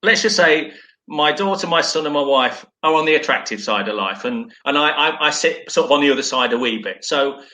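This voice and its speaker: A man's voice: fairly high pitch, lively intonation, a little fast, bright, forceful tone. A middle-aged man and former footballer, telling self-deprecating stories in a rambling, casual way.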